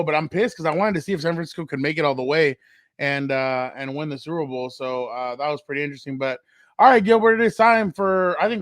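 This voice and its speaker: A man with a fairly high voice co-hosts a casual sports chat, recorded close and dry. He talks with animated energy and loves spinning playful what-if scenarios. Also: dry recording. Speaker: podcast co-host.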